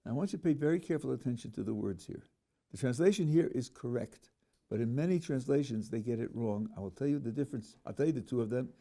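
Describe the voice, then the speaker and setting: A man's voice: medium pitch, lively intonation, fast talker, dark tone. A man, a rabbi, teaching a text class, reading verses aloud and then questioning them with dry humor. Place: yeshiva classroom.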